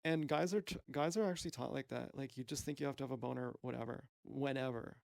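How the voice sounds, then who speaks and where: A man's voice: mid-range voice, fast, creaky, a little mellow, no echo, studio quality. A man rambling through a meandering, profane, self-questioning monologue as a streamer.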